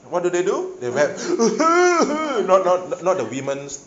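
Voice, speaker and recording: Pastor guy, kinda high voice, preaching in an echoey hall w faint hiss. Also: normal speed, lo-fi sound. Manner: animated, asks the audience questions, swings between loud and soft. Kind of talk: sermon.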